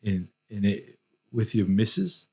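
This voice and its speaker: A man, a podcast guest telling personal stories in a candid, reflective way with halting restarts. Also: on the low side, big pitch swings, husky. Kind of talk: candid storytelling in conversation.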